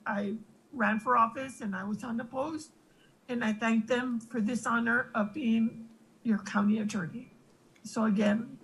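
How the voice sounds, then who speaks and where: An older woman who is a retiring county attorney gives a halting, emotional thank-you at a public meeting, holding back tears over a remote call. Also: a little high, vocal fry, fairly bright tone, breathy edge, poor audio.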